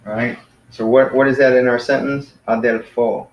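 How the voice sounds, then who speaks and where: Male teacher, casual classroom lesson, patient, slows down on key words; roomy sound, mic set back. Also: mid-range voice, little pitch movement, lo-fi sound. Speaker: Greek teacher. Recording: echoey room, mic far off.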